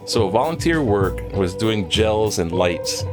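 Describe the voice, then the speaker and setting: A man's voice: sing-song, unhurried, music in the background. A man from Hawaii chatting casually on his own, reacting to the news with laughs and asides. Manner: rambling, laughs often, jumps in pitch for exclamations. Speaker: host reading and reacting to news. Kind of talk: casual solo chat.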